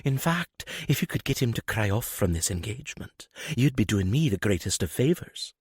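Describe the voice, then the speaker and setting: Guy putting on a prim young noblewoman, pitched way up from his usual, clipped and prickly, audiobook. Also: sing-song, normal speed, a little mellow, slightly rough, no room sound, clean studio sound. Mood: confiding. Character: sharp-tongued young noblewoman, proper and prickly. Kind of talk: audiobook character voice.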